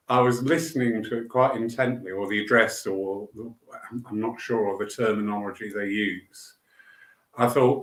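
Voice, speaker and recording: A man's voice: mid-range voice, roomy sound, poor audio. A man, a spiritualist medium, talking casually to a live online audience and greeting viewers by name as he tells a story. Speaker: spiritualist medium hosting a weekly live talk.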